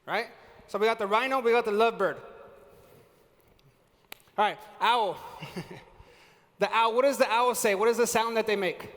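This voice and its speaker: A man giving an energetic live seminar on sales and leadership, quizzing the audience and using casual slang. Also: high-pitched. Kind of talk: live motivational seminar talk. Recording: reverberant hall.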